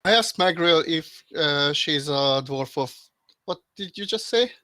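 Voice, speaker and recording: A man playing a tabletop game, asking quick, playful questions in character and out. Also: on the high side, animated, pushed and bright, no echo, studio quality. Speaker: player. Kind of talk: tabletop game play over voice chat.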